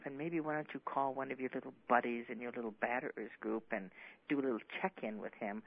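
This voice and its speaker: A cutting, scornful wife who mocks every excuse she hears, quoted by a male storyteller. The voice stays near his ordinary pitch. The sound is thin and narrow, like a radio broadcast heard through a phone line. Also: gravelly. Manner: sarcastic, cutting. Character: angry, scornful middle-aged wife.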